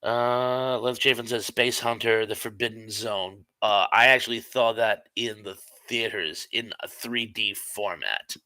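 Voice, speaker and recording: A man hosting a casual live stream, chatting and reading viewer comments aloud with quick asides. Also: fairly low pitch, fairly even intonation, bright, forceful tone, dry recording. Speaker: host reading live chat.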